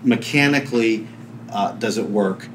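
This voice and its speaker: A man on a podcast panel, talking through ideas in a measured, analytical way. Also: lowish voice, slight background noise. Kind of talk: casual podcast discussion.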